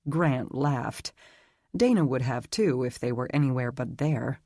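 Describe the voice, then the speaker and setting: Male audiobook narrator, measured dramatic reading, dry close recording. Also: mid-range voice, darkish tone, dry recording. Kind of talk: scripted narration.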